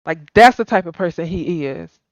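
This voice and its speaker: A woman's voice: lowish voice, lively intonation, moderate pace, no echo. Blunt sleepy woman host. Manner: blunt and emphatic, swearing. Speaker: stream host. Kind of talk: casual live-stream chat.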